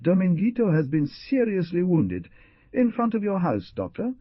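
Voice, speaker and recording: A woman's voice: fairly low pitch, very animated, normal speed, breathy edge, dry recording, highs cut off, voice pushed up. A man voicing a frantic wife who screams and begs for help for her wounded husband. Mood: frantic pleading. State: panicked, screaming. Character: frantic woman begging for help.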